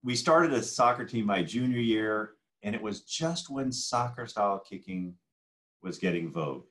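A man in his sixties spins anecdotes as an interview guest, his low voice rising and falling with lively swings. He slips into the people in his stories as he tells them. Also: normal speed. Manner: animated anecdotal storyteller who acts out quoted dialogue. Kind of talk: casual interview storytelling.

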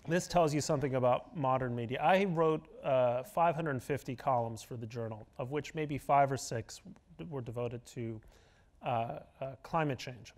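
A man's voice: mid-range voice, moderate pace. A middle-aged man, a guest columnist in an onstage interview, talking in an emphatic, argumentative way and telling stories with relish. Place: auditorium stage before an audience.

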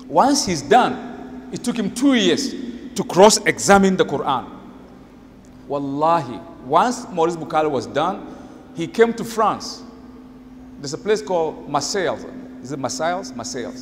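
High-voiced, animated man preaching. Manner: animated storytelling, acts out quotes. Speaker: Islamic preacher. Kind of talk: lively sermon. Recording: echoey hall, faint background noise.

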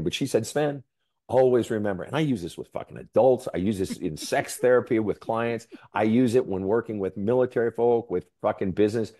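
A counselor and author appears as a podcast guest, telling candid stories in a fairly low, dark voice. He's emphatic and profane, and his pitch climbs when he gets worked up.

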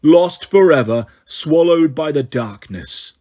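A man reading aloud, voicing a boastful, mocking male giant who taunts slowly. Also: on the high side, lively intonation, warm tone. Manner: slow gloating taunts.

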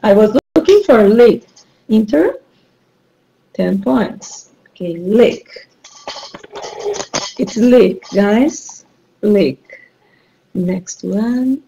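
A woman's voice: mid-range voice, lively intonation, drawn-out words, gravelly, long pauses, dark tone, poor audio. A woman teaching English online, running a rhyming word game and patiently repeating clues and praising her students.

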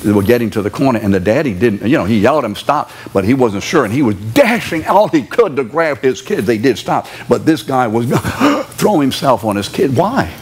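A man preaching a sermon in a church, animated, acting out quoted voices and sometimes shouting. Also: medium pitch, fairly quick, hardly any pauses, breathy edge. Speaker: pastor. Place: church sanctuary.

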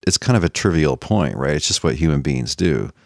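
A man hosting a casual podcast talk about theology, explaining his reasoning in a wry, measured way. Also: very deep voice, lively intonation, gravelly, darkish tone, no room sound, clean studio sound. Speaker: podcast host.

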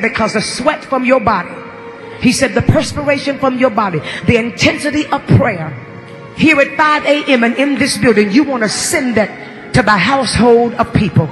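Woman preacher, really high voice, goes from low talk to shouting and half-singing, music playing behind. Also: big-room sound. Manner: builds from low, steady talk to shouted, sing-song exhortation. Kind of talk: live sermon with donation appeals. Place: large church building with a live congregation.

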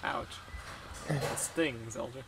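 A man's voice: mid-range voice, takes it slowly, creaky, a bit bright, a little hiss or hum. A young man hosting a let's play, casual and self-mocking, laughing often as he plays. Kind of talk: casual gameplay commentary.

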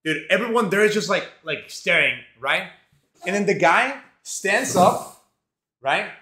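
A male streamer telling a rambling, profane story in a casual, animated way, full of fillers. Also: high-pitched, unhurried, roomy sound.

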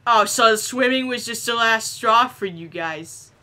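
A woman giving silly, animated let's-play commentary, chatting to the game characters as she plays. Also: a little high, measured pace. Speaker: gameplay commentator.

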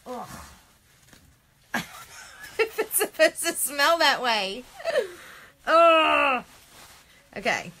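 Bright, chatty Philly-woman crafting. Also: fairly high pitch, slight background noise. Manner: chatty, self-deprecating, exclaiming. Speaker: craft vlogger. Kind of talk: casual chatty craft demo.

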